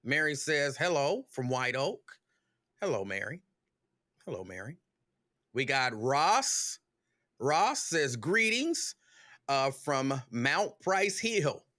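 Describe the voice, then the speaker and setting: A man hosting a livestream talk show, greeting viewers one by one in a relaxed, chatty way. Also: mid-range voice, slow pace, long pauses, dry recording, clean studio sound.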